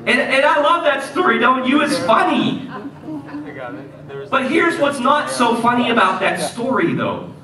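A man preaching a sermon as pastor, telling stories in an animated way and repeating key lines for emphasis. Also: very high-pitched, moderate pace, crowd noise. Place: church sanctuary. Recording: echoey church hall, mic at a distance.

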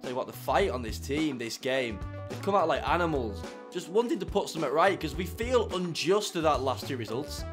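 Young guy yelling and muttering over his football game, kinda high voice, music under it. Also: fairly quick. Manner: excitable, swings from muttering to shouting. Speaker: gaming YouTuber. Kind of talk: live gameplay commentary.

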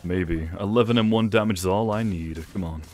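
A young man giving excitable gameplay commentary, talking to himself and laughing often. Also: fairly low pitch, a little fast, faint music behind. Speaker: gaming YouTuber.

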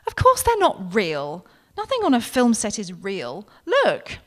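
A British woman reading aloud and voicing a giddy young shopaholic heroine with bubbly, squeaky excitement. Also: a little slow. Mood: excited.

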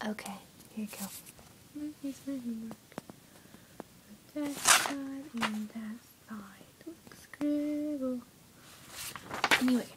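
A woman's voice: a little high, very noisy. A teenage girl whispering a rambling, goofy vlog from her bedroom on a webcam. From USA. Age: teens. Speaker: vlogger.

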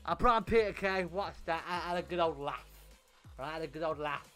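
A man's voice: a little high, fairly quick, bright, forceful tone, soft background music. A young man on a gaming livestream, telling a story casually and animatedly, swearing and repeating words as he goes. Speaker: gaming streamer.

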